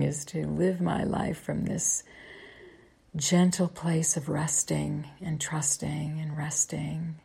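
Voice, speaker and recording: A woman of about sixty guides a meditation in a hushed, half-whispered voice. She speaks very slowly and gently, with long pauses. Her low voice carries a gravelly, creaky edge under the breath. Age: around 60. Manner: gentle and unhurried, with drawn-out pauses. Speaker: meditation podcast host. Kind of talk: soft-spoken guided meditation talk.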